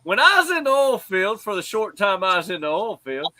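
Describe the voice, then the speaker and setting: A man hosting a casual sports talk show, animated and preachy, calling on his co-hosts. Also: sits high, a little fast, no echo, rough recording. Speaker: host.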